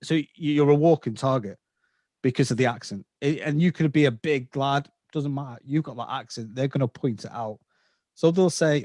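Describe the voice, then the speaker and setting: With a darkish, mid-range voice and moderate pace, this English man in his fifties carries a light Scouse accent. He's a podcast guest chatting casually in an interview, explaining at length and checking in with his listener, and there's no echo.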